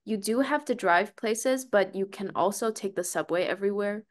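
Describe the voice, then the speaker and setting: A woman's voice: medium pitch, normal speed. A woman in her twenties, a content creator from Beijing who speaks with an American accent, answering interview questions in a breezy, offhand way. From Beijing, China. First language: Mandarin Chinese. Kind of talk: casual interview.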